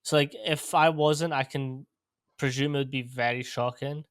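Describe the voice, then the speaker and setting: A young Scottish man chatting casually as a podcast host, laid-back and quick to laugh. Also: mid-range voice, steady tone, smooth, no room sound, studio quality. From Scotland. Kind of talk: casual interview chat.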